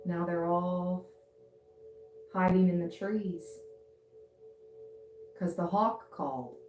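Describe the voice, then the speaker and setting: A woman's voice: lowish voice, fairly even intonation, slow, darkish tone, slight background noise. Chatty woman in an echoey room. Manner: chatty, easily distracted, exclaiming. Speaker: tarot reader. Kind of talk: casual chat during a tarot reading.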